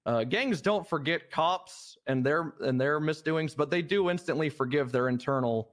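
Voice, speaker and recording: A man's voice: on the high side, moderate pace, a bit bright, lightly acted. A man voicing a cocky, glib young police recruit in a live role-play, rambling with fillers and restarts. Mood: smug. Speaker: streamer playing a police recruit.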